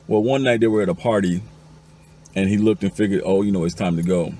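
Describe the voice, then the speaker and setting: A man's voice: a little fast, mellow, slight background noise. A man telling a string of husband-and-wife jokes one after another and acting out each character's lines. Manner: acts out the jokes' characters, going up to a high pitch for the wives. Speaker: joke teller.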